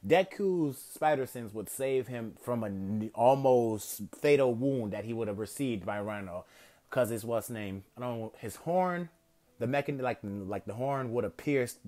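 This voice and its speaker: A man's voice: mid-range voice, expressive, unhurried, darkish tone. A man casually improvising a fan story, rambling and correcting himself as he goes.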